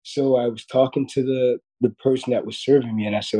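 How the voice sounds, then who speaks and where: A man's voice: mid-range voice, level tone, fast talker, few pauses, warm tone, husky, low-quality recording. A man in his fifties, a podcast guest, telling a personal story in an earnest way, often repeating words as he goes. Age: 50s. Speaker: guest surgeon.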